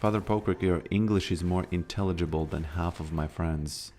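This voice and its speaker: A Latvian gaming streamer with a Latvian accent chats casually while playing, rambling and leaning on fillers. His voice sits low and is a little mellow, his pace is moderate, and there's slight background noise.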